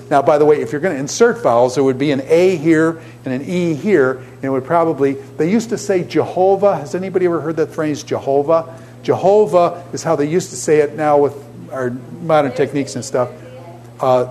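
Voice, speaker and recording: A male teacher lectures with animation, tossing questions out to his class. His voice sits fairly high for a man. A faint hum lingers behind him. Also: darkish tone.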